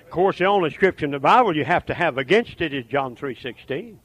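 An older man preaching a fiery revival sermon, swinging from shouted, chanting runs down to low, muttered asides. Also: lively intonation, fast talker.

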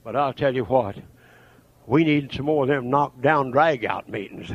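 A man preaching a folksy revival sermon, swinging from shouts to hushed asides. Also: medium pitch, moderate pace, breathy edge, muffled recording.

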